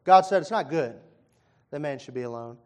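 A man preaching with a lilt, his voice sitting somewhat high for a man. He talks to the congregation in a loose, conversational way, full of little fillers, then pushes up into loud, emphatic bursts. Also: expressive, moderate pace. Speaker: pastor. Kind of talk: sermon.

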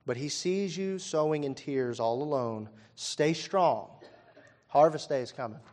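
A man delivering a sermon with a somewhat high voice, chatty and full of fillers. He tells stories quietly, then climbs into loud, fervent preaching, sometimes drifting away from the mic. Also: measured pace. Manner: swings from quiet storytelling to loud impassioned preaching, with many fillers.

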